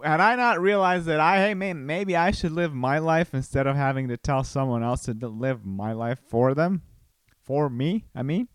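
Playful rambling man, smooth dry voice. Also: mid-range voice, dry recording. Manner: rambling, playful, does silly voices and quick exclamations. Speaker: podcast host, comedian. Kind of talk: casual solo podcast musing. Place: home room. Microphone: studio microphone.

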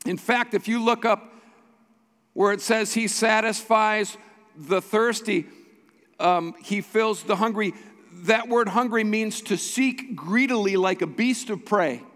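A man's voice: sits high, unhurried, fairly bright tone, big-room sound. A man preaching a sermon as pastor, pressing his points with emphatic repetition. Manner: emphatic preaching with repeated phrases. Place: church sanctuary.

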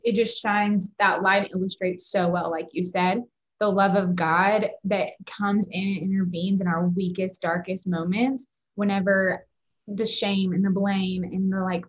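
A woman co-hosting a faith-based podcast, talking in a warmly affirming, reflective way. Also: medium pitch, dull audio. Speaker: podcast co-host. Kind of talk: faith-based casual chat.

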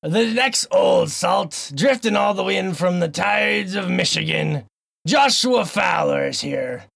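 A man putting on a salty old pirate voice, drawling in a gravelly, exaggerated way. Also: high voice, animated, unhurried, fairly bright tone, heavily acted. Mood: gruff.

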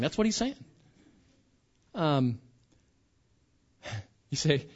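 High-voiced male pastor preaching. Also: sing-song, slow, long pauses, highs cut off. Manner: conversational, repeats words at restarts. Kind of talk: sermon.

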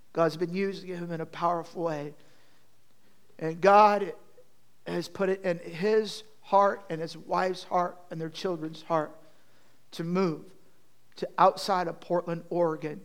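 A man with a high voice preaches a sermon. He tells a personal story with feeling, rising to loud passages and dropping to near-hushed ones.

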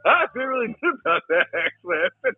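A man playing a gruff, laughing quiz contestant with a put-on foreign accent in a comedy sketch. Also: mid-range voice, sing-song, normal speed, no echo. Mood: giggly. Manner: gruff, laughing, swearing banter. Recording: dry tinny phone-like sound.

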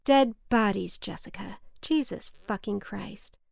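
A woman's voice: medium pitch, takes it slowly, creaky, no echo, studio quality. A woman voicing her curt, indignant, hard-drinking mother, who swears freely and snaps back. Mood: alarmed scolding.

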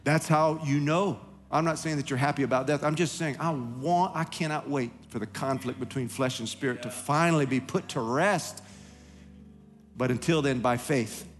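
A man's voice: mid-range voice, normal speed, big-room sound, soft background music. A man preaching a sermon as pastor, emphatic, acting out quoted voices. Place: church hall.

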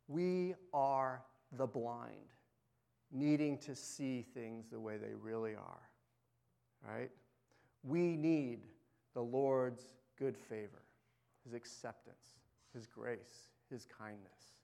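A man's voice: mid-range voice, slow pace, vocal fry, mellow, clean tone. A male pastor preaching a sermon in a conversational way, asking the congregation questions and swinging between emphatic lines and near-murmurs.

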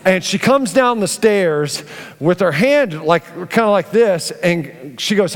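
Man, middle-aged, pastor, sermon, animated storytelling, long hall reverb. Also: high-pitched, slow pace. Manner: animated storyteller, acts out family dialogue. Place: church auditorium.

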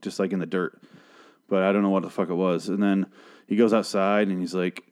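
A man's voice: low-pitched, level tone, a little fast, a little mellow, clear, resonant tone. Profane rambling male review host. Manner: rambling, profane and self-correcting. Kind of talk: casual solo recap podcast.

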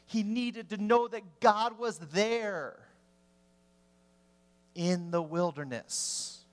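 A man preaching a sermon, swinging between emphatic rising questions and hushed drops. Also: high-pitched, very slow.

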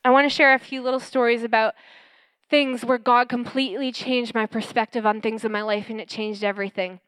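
A woman pastor giving an earnest, animated sermon and telling personal stories. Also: a little high, a little fast, smooth, no echo.

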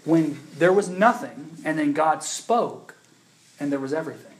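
A man's voice: a little high, moderate pace, roomy sound, slight background noise. A man, a pastor, preaching a sermon that moves from casual storytelling to emphatic proclamation. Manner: conversational, building to emphatic preaching.

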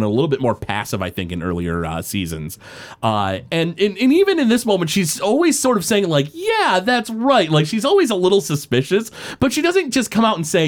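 A man chatting casually as a podcast co-host, rambling through an episode recap with many filler words and frequent laughter. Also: fairly high pitch.

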